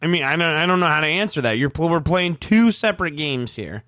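Fired up sports talk guy, cussing and stammering, kinda high voice, dry sound. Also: lively intonation, fast, sharp tone, no echo. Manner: frustrated, profane ranting with repeated stammers.

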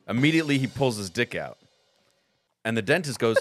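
A man co-hosting a casual podcast, telling crude jokes with dry, deadpan timing. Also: medium pitch, moderate pace, long pauses, no echo, soft background music. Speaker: podcast co-host.

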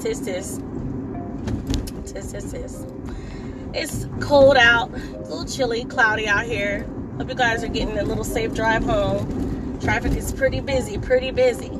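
A woman giving a casual opinion monologue while driving, sassy and scolding, with frequent laughs. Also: fairly high pitch. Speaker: vlogger.

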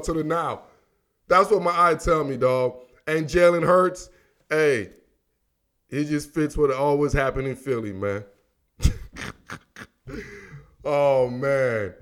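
A man's voice: fairly high pitch, a little slow, long pauses, a bit bright, faint music behind. A man from Africa hosting a sports talk show, riffing casually in slangy, rambling talk that is full of "dog" and "man" and broken up by frequent chuckles. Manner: laughs often mid-sentence. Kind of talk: casual sports commentary monologue.

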